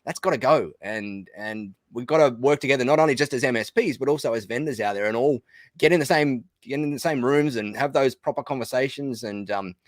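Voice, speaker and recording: A man with an Australian accent, talking quickly and energetically as a guest in a casual podcast conversation, often restarting his sentences. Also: mid-range voice, no room sound. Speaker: guest, business community founder.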